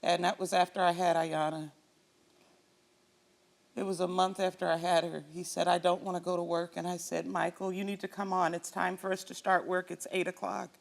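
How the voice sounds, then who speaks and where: A woman's voice: on the low side, normal speed, vocal fry. A middle-aged woman, a talk show guest, telling her own story with feeling and acting out the people in it. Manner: animated storyteller who acts out her quarrels.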